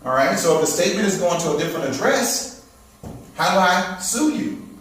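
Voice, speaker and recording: Lively and fairly quick, a high-pitched, somewhat bright male voice leads a live credit repair class, captured from far off in a very echoey room with slight hiss or hum. He peppers nearly every point with "okay?" and "all right?" to check in with the audience.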